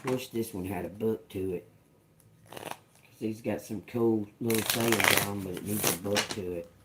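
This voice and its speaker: A man's voice: on the low side, steady tone, unhurried, heavy background noise. A man giving a casual tarot reading to his viewers, musing aloud and repeating words as he reads each card, calling his listeners y'all. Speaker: tarot reader.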